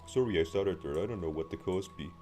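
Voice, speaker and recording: A man's voice: fast talker, over music, lightly acted. A man putting on an accent to voice a laid-back adult man who chimes in with offhand asides. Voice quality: very deep.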